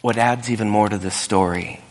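Male pastor, lowish voice, animated sermon storytelling, long hall reverb. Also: normal speed.

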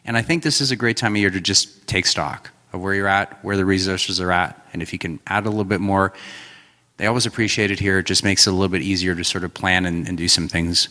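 A man making relaxed, encouraging announcements in a church before handing over to the band. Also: sits low, quick pace. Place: large church hall. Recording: long hall reverb.

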